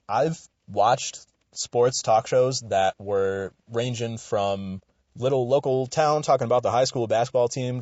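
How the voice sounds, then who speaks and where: A young man from Western New York giving a casual, rambling opinion commentary, swearing freely and getting animated. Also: on the low side, no echo, highs cut off. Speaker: radio show commentator.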